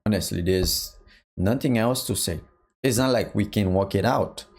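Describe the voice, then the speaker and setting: A man with a low voice and a gravelly edge talks through a clip. He is blunt and incredulous, circling back over his points. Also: moderate pace, a little mellow. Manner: blunt, incredulous, repeats himself. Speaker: reaction channel host. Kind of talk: casual reaction commentary.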